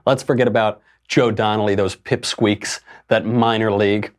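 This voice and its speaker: A man's voice: on the low side, fairly even intonation, normal speed. A man hosting a political commentary show, talking in a sarcastic, mocking way and laughing between his points. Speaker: host.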